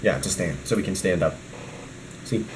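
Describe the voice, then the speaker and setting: A man's voice: sits low, a little fast, reverberant, noisy background. A man vlogging a toy review, rambling and ranting from one topic to the next.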